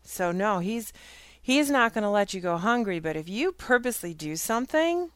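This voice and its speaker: A woman's voice: medium pitch, sing-song, moderate pace, a bit bright, dry recording. A middle-aged woman hosting a casual Christian talk, speaking frankly and emotionally and often breaking into laughter. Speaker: host of a faith and current events talk. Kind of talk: casual Christian commentary monologue.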